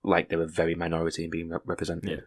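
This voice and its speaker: A man co-hosts a relaxed podcast chat in a very deep voice. He talks freely and teases his co-host. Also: rapid-fire. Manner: chatty, teasing. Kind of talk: casual chat.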